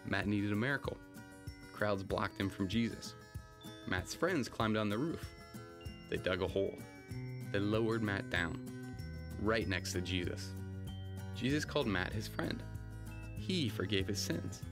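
A man narrating a children's Bible story video in a put-on American accent, lively and playful. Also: lowish voice, unhurried, pauses often, voice pushed down. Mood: upbeat. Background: background music.

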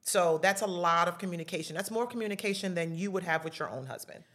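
A middle-aged woman with a New York accent, a guest on a podcast, talking in a blunt, animated and outspoken way. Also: lowish voice, quick pace. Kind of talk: casual chat.

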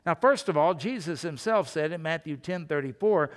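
High-voiced pastor preaching in a reverberant hall. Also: male voice, moderate pace. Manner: folksy, animated storytelling. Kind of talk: sermon.

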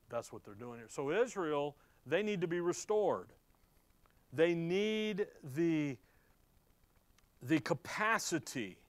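A man teaching scripture with a slightly raised pitch, quizzing his hearers and answering himself. He swings from loud emphasis to near-murmured asides. The sound is dry and close, with no room echo. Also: smooth. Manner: conversational, asks and answers his own questions; swings between emphatic and quiet. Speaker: pastor. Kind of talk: expository Bible teaching.

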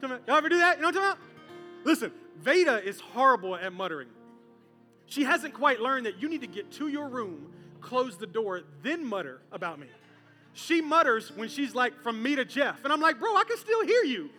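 A male pastor with a strikingly high, bright voice preaches from the stage, swinging between joking asides and hushed earnest points. His sermon rolls out into a large hall with a long tail of reverb, and soft music plays underneath. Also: brisk. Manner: animated, conversational and comic, acting out voices. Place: church stage.

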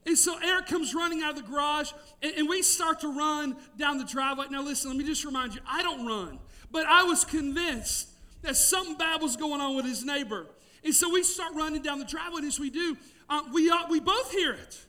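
A middle-aged man, preaching a sermon with emphatic, drawn-out key words and storytelling. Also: extremely high pitch, lively intonation, pushed and bright, recorded from a distance. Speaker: pastor.

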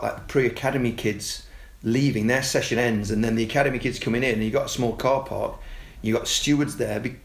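A man, a youth football coach talking casually and telling animated stories. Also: echoey room. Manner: animated storyteller, mimics excited kids in a high voice. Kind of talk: casual podcast chat.

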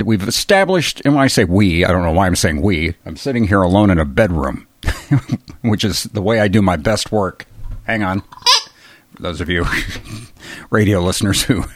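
A man's voice: fairly low pitch, dry recording. A man in his fifties talking alone in a bedroom, a rambling, self-deprecating solo monologue with chuckling asides. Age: 50s. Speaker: podcast host.

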